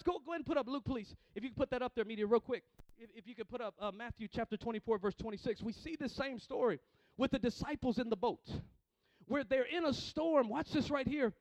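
A male pastor preaching to his church in a strikingly high voice. He repeats phrases over and over and builds into fervent, raised calls. The recording is dry and close. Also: fast, dry recording, poor audio. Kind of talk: sermon.

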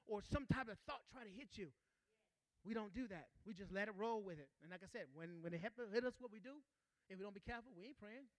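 High bright preacher guy, aave, gets loud and repeats himself, dry sound. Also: fast, no room sound. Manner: rising to shouts, repeats phrases, calls out to the congregation. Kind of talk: sermon.

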